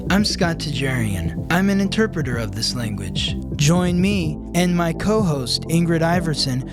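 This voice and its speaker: A man's voice: fairly high pitch, expressive, unhurried, music in the background. A man hosting a podcast, teasing and curious, asking his co-host lots of questions. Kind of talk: casual podcast chat.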